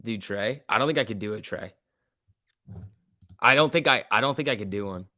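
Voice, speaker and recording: A man's voice: lowish voice, normal speed, pushed and bright, no echo, studio quality. A man hosting a stock trading livestream, talking casually about the market and answering viewer questions in a loose, filler-heavy way. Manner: loose and chatty, with many fillers like "like" and "um"; reads viewer questions aloud and answers them. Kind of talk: casual live market commentary, answering chat.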